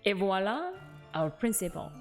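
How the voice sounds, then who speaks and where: A woman's voice: medium pitch, very animated, normal speed. A woman voicing a proud, theatrical French waxwork maker in a put-on French accent, slipping in French words, with game music behind. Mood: sly. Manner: sly, dramatic, drops French words. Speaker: game character voiced by streamer.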